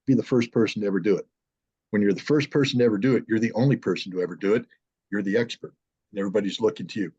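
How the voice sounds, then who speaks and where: A man in his sixties, an interview guest, telling animated stories with frequent restarts and acting out what others said. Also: fairly low pitch, quick pace, husky. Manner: animated storyteller who acts out others' lines, with frequent restarts. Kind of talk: casual anecdotal storytelling. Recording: dull lo-fi audio.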